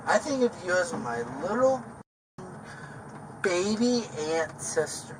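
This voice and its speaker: A man under arrest, rambling and taunting erratically in a police car, swinging between loud outbursts and mutters. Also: sits high, sing-song, takes it slowly. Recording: noisy police bodycam audio.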